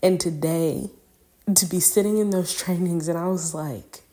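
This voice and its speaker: A woman's voice: lowish voice, measured pace, dark tone. A young woman hosting a podcast, talking through a personal reflection in a rambling way with many fillers, open about her feelings. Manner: rambling, filler-heavy, openly emotional. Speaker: podcast host.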